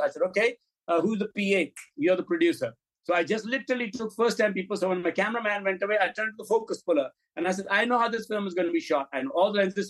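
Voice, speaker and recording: A man, a film and commercial director, telling anecdotes in an interview, animated and blunt, acting out dialogue and swearing now and then. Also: sits high, rough recording. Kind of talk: interview storytelling.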